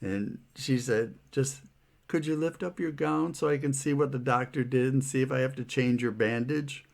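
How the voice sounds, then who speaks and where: A man's voice: medium pitch, fairly even intonation, normal speed, creaky. A man casually telling a personal story about his health troubles, laughing often and sounding rueful and incredulous.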